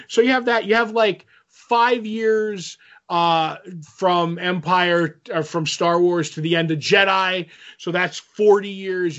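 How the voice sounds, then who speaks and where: A man with a high-sitting, fairly bright voice co-hosts a podcast, chatting casually and rambling with many fillers and restarts. The audio is dull and lo-fi.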